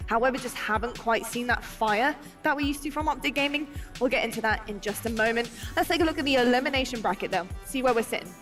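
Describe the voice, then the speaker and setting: Brisk higher-pitched woman hosting esports. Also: faint music behind. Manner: animated, laughing, then brisk bracket rundown. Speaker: esports broadcast desk host. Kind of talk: live esports broadcast presenting.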